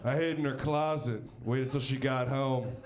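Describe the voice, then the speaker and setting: A man's voice: mid-range voice, moderate pace, very noisy. A man from Pennsylvania doing a stand-up comedy set with a punchy, wry storytelling delivery. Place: comedy stage.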